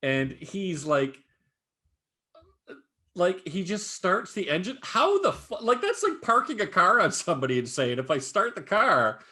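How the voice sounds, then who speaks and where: A man's voice: sits high, a little slow. Guy cohosting a podcast, swears nonstop, voice jumps all over while he retells a movie. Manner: animated, swears constantly, acts out movie scenes. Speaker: podcast co-host. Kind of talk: casual chat.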